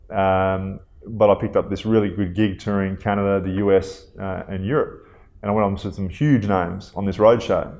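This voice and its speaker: An Australian man in his thirties speaks as an interview guest with a fairly low voice. He talks in a relaxed, conversational way, pausing on fillers and wandering into asides as he tells his stories. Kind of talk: casual interview storytelling.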